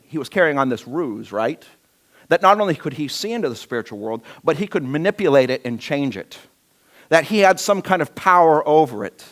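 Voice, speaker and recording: A man's voice: fairly high pitch, fairly bright tone. A male pastor preaching a sermon, telling a Bible story with humor and acting out the scenes.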